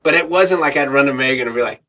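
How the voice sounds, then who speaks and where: A middle-aged actor and radio host talks fast in a mid-range voice while guesting on a podcast. He tells a story in a lively way, imitating the voices of the people involved, and he laughs a lot.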